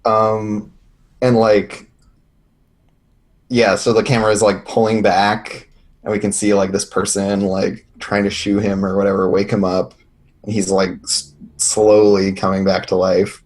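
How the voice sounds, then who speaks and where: A man with a low, husky voice, playing in a tabletop role-playing game. He thinks aloud hesitantly, packing his talk with fillers. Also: little pitch movement, measured pace, a little mellow. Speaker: player. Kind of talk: casual tabletop play.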